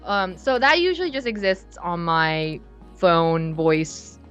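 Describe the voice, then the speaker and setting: A young woman from South Korea, chatting casually in an interview, relaxed and rambling with many fillers and restarts. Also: fairly low pitch, slow, clear, resonant tone, highs cut off, faint music behind. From Seoul, South Korea. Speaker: musician guest. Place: her bedroom studio.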